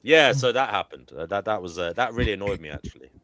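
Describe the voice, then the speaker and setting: Low-voiced man, dry close sound. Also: lively intonation, fast talker, fairly bright tone, dry recording. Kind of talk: casual chat.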